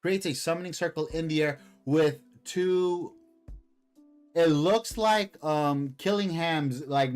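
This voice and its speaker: A man hosting a casual live stream, reading a comic aloud and commenting in a slangy, hyped, rambling way. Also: a little high. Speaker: streamer, host.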